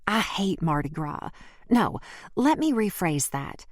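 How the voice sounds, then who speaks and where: A woman's voice: on the low side, very animated, takes it slowly, no echo, clean studio sound, full character voice. A woman voicing a chatty young female bartender from the South who speaks bluntly, reading an audiobook. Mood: frank. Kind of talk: audiobook character voice.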